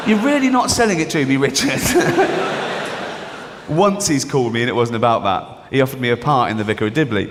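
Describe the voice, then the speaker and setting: A man's voice: a little high, expressive, a little fast, noisy background. An English man doing a stand-up routine, sardonic and mock-apologetic, often laughing at his own jokes. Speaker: stand-up comedian. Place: live comedy venue. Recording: live hall with long reverb and loud ambience.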